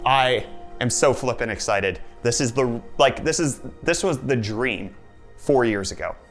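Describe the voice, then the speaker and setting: A young man presenting a tech unboxing vlog in a well-lit room, enthusiastic and quick to exclaim. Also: medium pitch, soft background music.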